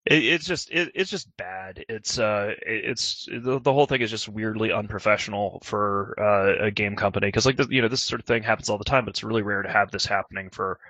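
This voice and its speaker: A man's voice: on the low side, brisk, hardly any pauses, sharp tone, dry recording. A man hosting a casual chat for his gaming group, rambling and swearing as he gets fired up. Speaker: alliance leader hosting a fireside chat.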